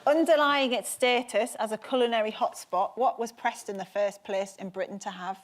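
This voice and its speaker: A woman hosting a comedy panel show, reading out comic questions with a laughing, bright delivery. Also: a little high, steady tone, moderate pace, very noisy. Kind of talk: scripted comic presenting.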